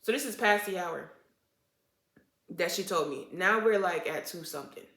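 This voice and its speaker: A woman telling a storytime vlog in a casual, animated and indignant way, full of restarts and "like". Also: on the low side, normal speed, slight background noise. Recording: echoey room.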